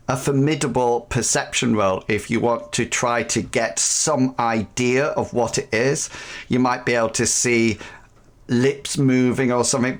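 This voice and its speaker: Slow unhurried game master, lots of ums. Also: male voice, mid-range voice. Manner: halting, lots of fillers. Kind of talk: narrating a tabletop game.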